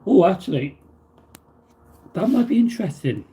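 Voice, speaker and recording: Very animated, this man has a high, mellow voice and talks at a moderate pace as he hosts a casual livestream. He reads viewer messages out loud and responds in a rambling way, with many fillers and restarts.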